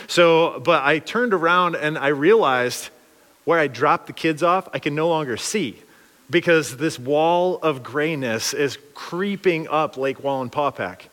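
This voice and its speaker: A man preaching in a loose, storytelling way, his voice sitting a touch high for a man. He acts out every quote with big leaps in pitch and volume, and a long reverb trails each phrase as if he fills a big hall. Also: a little slow, fairly bright tone. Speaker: pastor. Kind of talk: storytelling sermon.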